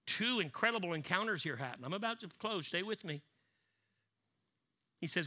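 A man preaching a sermon, swinging from loud emphatic lines down to low, hushed ones. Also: expressive, normal speed, long pauses. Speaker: pastor.

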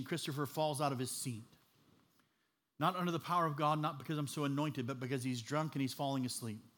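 A man preaching a sermon as an animated, humorous storyteller. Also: a little high.

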